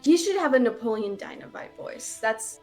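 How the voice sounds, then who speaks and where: A woman's voice: fairly high pitch, animated, moderate pace, soft background music. A young woman joking playfully with a friend while playing a video game. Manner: playful, giggly. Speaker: game co-player. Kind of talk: casual let's-play chat with a friend.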